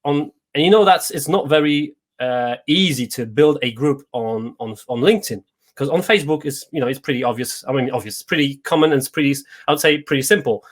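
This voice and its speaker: A man's voice: mid-range voice, fairly quick. Hesitant man hosting a live stream. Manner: hesitant, restarts phrases, relaxed. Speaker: host. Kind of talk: casual live-stream chat.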